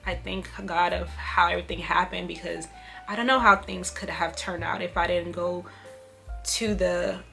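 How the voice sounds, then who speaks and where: Young woman vlogger, casual and heartfelt storytelling to camera, soft music bed. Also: fairly low pitch, fairly even intonation, moderate pace, gravelly. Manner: emotional, repeats "you guys" and "you know" often.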